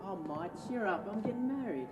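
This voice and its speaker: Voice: mid-range voice, sing-song, fairly quick, natural voice. A student actor playing a nervous young groom, pleading and earnest, in a school stage play. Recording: echoey hall, far-off mic, music.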